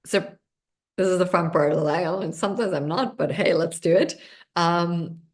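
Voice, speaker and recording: A woman hosting an online seminar, talking in a lively, bubbly and intense way. She speaks English as a second language, her first being Swedish. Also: on the low side, moderate pace. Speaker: seminar host.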